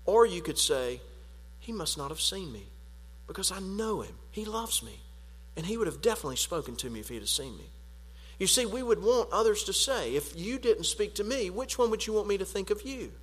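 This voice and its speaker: Earnest preacher in a reverberant hall. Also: male voice, sits high, very animated, brisk, breathy edge. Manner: earnest preaching, building to emphatic peaks then dropping quiet. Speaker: pastor. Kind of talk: sermon.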